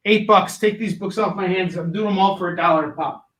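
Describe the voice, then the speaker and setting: A man co-hosting a live comic shopping stream, pitching books and prices with playful drawn-out delivery. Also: fairly even intonation, fairly bright tone, echoey room, low-quality recording. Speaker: co-host selling comics.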